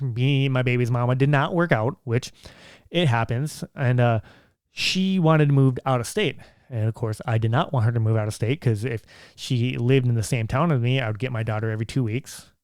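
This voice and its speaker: A man's voice: mid-range voice, darkish tone, clean tone, no echo, clean studio sound. A man, a single father, telling a personal story to the camera in an earnest, reflective way that halts and restarts as he goes.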